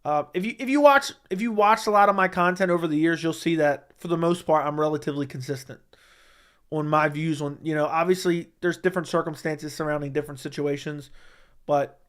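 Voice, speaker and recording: A man's voice: on the high side, brisk, a bit bright. A young man hosting a livestream, reading chat and answering in a blunt, profane, dismissive way.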